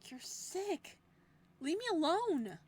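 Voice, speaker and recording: A woman voicing a frightened young woman held captive in a visual novel, pleading in a high, raised voice. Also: sing-song, takes it slowly, a little hiss or hum, full character voice. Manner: high, loud, pleading and panicked. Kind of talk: reading a visual novel aloud.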